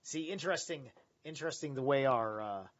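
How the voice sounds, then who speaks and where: A man's voice: mid-range voice, lively intonation, fairly quick. Rambling man on a lo-fi live stream. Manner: rambling, candid, swears, many restarts. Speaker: livestream host reading philosophy. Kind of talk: casual live reading and rambling commentary.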